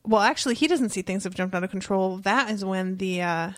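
A woman's voice: mid-range voice, a little fast, a bit bright, dry recording. A woman in casual chat, recapping a story and acting out the characters' lines, with easy laughs. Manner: chatty, laughs easily, retells scenes with quoted lines. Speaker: podcast co-host discussing a book.

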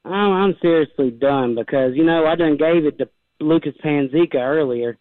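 A man's voice: on the high side, normal speed, a crowd in the background. Male caller, playful trash talk, phone-quality audio. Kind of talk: trash-talking sports call-in. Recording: tinny phone line, dry.

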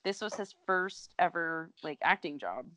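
A woman co-hosting a casual TV recap chat, animated and swearing freely as she acts out scenes. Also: lowish voice, a little slow, no echo. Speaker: podcast co-host.

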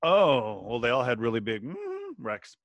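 A man's voice: mid-range voice, expressive, normal speed, no room sound, highs cut off. A man co-hosting a casual chat, rambling with restarts and hesitations. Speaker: podcast co-host.

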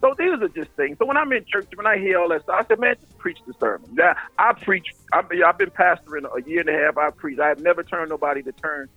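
A man from Baltimore, a comedian and pastor, telling stories in a casual interview with quick, animated delivery. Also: sits high, dry recording, phone-quality sound, soft background music. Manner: animated, quick storytelling with impressions.

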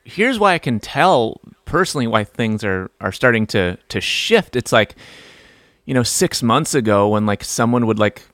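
A man's voice: medium pitch, lively intonation, normal speed, a bit bright, no room sound, clean studio sound. A man hosting a podcast in casual chat, chatty and enthusiastic. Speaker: podcast host.

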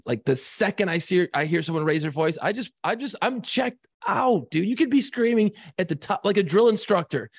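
Husky, gravelly man chatting. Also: fairly high pitch, no room sound, studio quality. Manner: reflective, profane, asks "you know what I mean". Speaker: co-host. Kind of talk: casual podcast chat.

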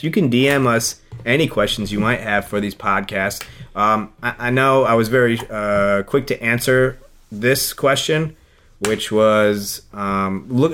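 A mid-range male voice, pushed and bright with a clean tone, belongs to a podcast co-host and radio host in his thirties. His casual chat is rambling and emotional, with many false starts.

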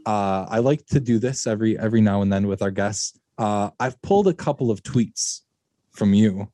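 A relaxed male podcast host leads a casual interview in a fairly low, mellow voice. The sound is dry and close, with no room around it. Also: normal speed, no echo. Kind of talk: casual chat.

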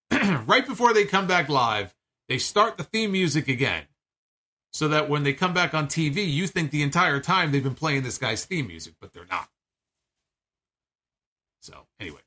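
A man's voice: fairly high pitch, pushed and bright. A man giving a chatty, digressive recap of a wrestling show, speaking casually and acting out the lines he quotes.

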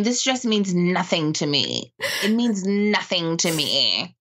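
Sarcastic low-voiced woman co-host. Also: slow. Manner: laughing, sarcastic, animated retelling. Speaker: podcast co-host. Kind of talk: casual chat.

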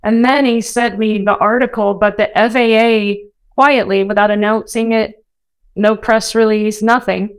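Brief: woman co-host calmly and earnestly explaining news in casual chat. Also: medium pitch, unhurried, clear, resonant tone, rough recording.

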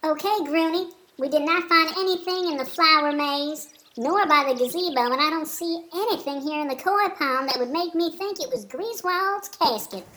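A woman voicing a shrill, snide snob who hurls insults. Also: normal speed, hardly any pauses, bright, forceful tone.

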